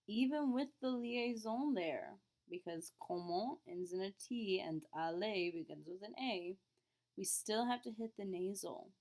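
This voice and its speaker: Woman, French teacher, patient lesson delivery, middle pitch, models phrases clearly. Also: measured pace, darkish tone. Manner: clear, patient explaining, exaggerated question intonation in examples. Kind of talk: classroom lesson.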